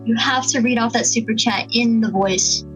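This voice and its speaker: A woman's voice: a little high, normal speed, rough recording. A woman guest on a podcast, chatting in a playful, teasing way with frequent laughter. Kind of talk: casual chat. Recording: soft background music under the talk.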